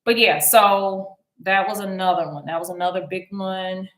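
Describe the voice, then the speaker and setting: A woman's voice: mid-range voice, fairly even intonation, moderate pace. A woman hosting a casual commentary vlog, rambling along with many ums and restarts. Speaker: YouTube commentary host. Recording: echoey room.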